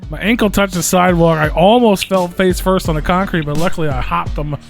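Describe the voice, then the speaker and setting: A man's voice: high-pitched, fast, creaky, soft background music. A man co-hosting an online radio show, casually swearing while telling a story. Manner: swearing, laid-back storytelling. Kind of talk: casual chat.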